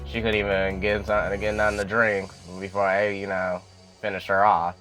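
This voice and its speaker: A man's voice: on the low side, flat delivery, moderate pace, fairly bright tone, soft background music. A young man giving a casual recap of a TV episode. He talks in a chatty way, full of "you know" fillers, and acts out bits of the dialogue. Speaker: YouTube show recapper.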